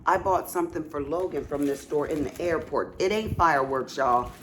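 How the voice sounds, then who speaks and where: A woman's low voice moves at a moderate pace as she casually presents a craft haul to viewers, exclaiming often despite her cough. A little hiss or hum can be heard in the recording.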